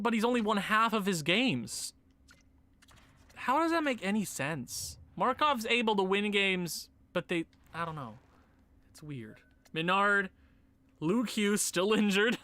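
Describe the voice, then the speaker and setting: Excitable young man commenting on gameplay. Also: high-pitched, no room sound. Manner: excitable, talks to his players, bursts into shouts and laughs. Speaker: gaming YouTuber.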